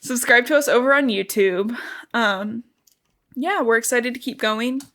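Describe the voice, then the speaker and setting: Chatty podcast host woman, fairly high. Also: measured pace, fairly bright tone. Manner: chatty, peppered with "like" fillers. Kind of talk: casual book-recap chat.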